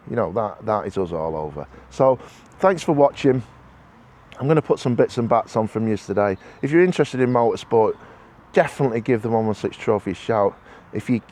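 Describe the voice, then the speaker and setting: A man's voice: on the low side, a little mellow. A man speaks casually to camera outdoors. He rambles, repeats words and restarts his sentences. His delivery stays heartfelt and unpolished. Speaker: motorsport club organiser. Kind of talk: casual vlog talk to camera. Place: outdoors at a racing circuit.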